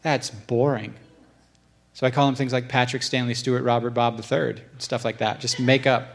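A man hosting a casual, earnest chat, telling stories in an animated way and slipping into quick acted asides. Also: medium pitch, gravelly. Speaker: podcast host.

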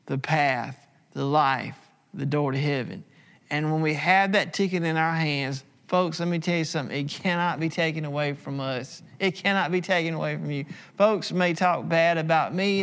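A man preaching a sermon, emphatic and repetitive, slowing for dramatic pauses. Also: on the high side, a bit bright, clean tone. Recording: long hall reverb.

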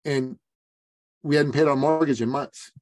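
A man in his forties, a business coach telling a story as a podcast guest, lively and acting out other people's lines. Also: a little high, unhurried, no echo. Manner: lively storyteller who acts out quoted voices.

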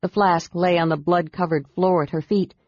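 Low-voiced woman reading an audiobook. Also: steady tone, moderate pace, a little mellow, dry recording. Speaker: audiobook narrator. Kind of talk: scripted fantasy narration. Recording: dull, dry lo-fi audiobook recording.

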